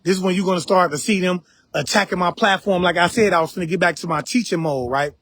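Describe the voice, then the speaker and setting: A man's voice: high-pitched, fast, a bit bright. Preachy man lecturing on a live stream. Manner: preachy, repeats phrases, addresses viewers directly. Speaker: live-stream spiritual teacher.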